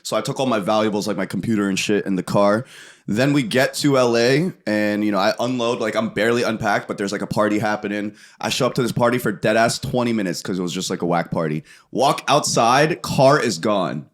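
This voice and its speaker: A man's voice: on the low side, brisk. A man in his twenties, a podcast guest, telling stories in a casual, profane way and acting out what people said. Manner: animated, profane, acts out quotes. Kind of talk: casual storytelling.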